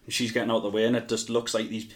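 A man's voice: fairly low pitch, level tone, racing. Laughing, chatty young man on a podcast. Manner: laughs often, swears freely, chatty. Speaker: podcast co-host. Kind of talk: casual chat recapping wrestling.

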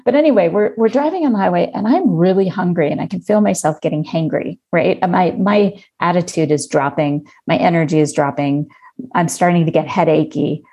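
Lively woman in her fifties, mellow low voice. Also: brisk, slightly rough. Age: 50s. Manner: lively storyteller who acts out her own past thoughts. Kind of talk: casual conversation, personal anecdote.

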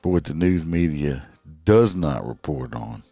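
Middle-aged man, extremely low voice, dry close sound, halting and rambling, casual late-night talk. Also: lively intonation, warm tone, no echo. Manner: rambling, halting, many fillers and restarts. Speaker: police officer vlogger.

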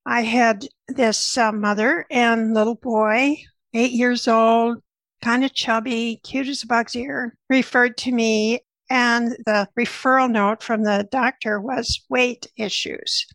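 An older woman, a nutritionist guest, telling lively stories from her career in a conversational way. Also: on the high side, slow, no room sound, low-quality recording. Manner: lively anecdotal storyteller. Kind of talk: conversational storytelling.

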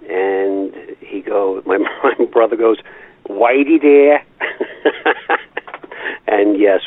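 A man's voice: deep voice, husky. An older man leaving a rambling, nostalgic voicemail, chuckling as he tells his stories. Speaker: caller. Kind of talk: voicemail storytelling. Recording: tinny phone-line voicemail.

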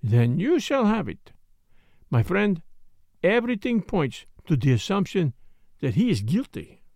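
A man voicing a fussy, excitable older male detective who speaks precisely and emphatically, at times muttering to himself. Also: high voice, measured pace, vocal fry, no room sound, clean studio sound, heavily acted. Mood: grave. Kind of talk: audiobook character voice.

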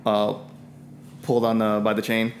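A man's voice: fairly low pitch, completely flat delivery, normal speed, slight background noise. A man narrating a tabletop game as game master, hesitant, with many fillers and restarts.

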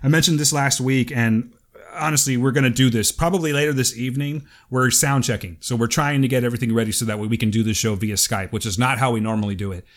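A man's voice: medium pitch, fairly even intonation, quick pace, a bit bright. A man hosting a podcast, chatting casually, teasing his co-host and reading listener emails. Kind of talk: casual chat.

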